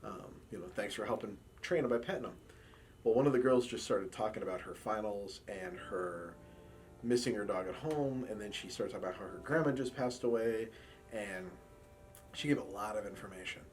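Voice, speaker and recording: Soft background music plays as a man with a lowish, slightly fast voice tells relaxed stories for a documentary. A campus police officer with a support dog, he performs the dialogue he quotes as he goes.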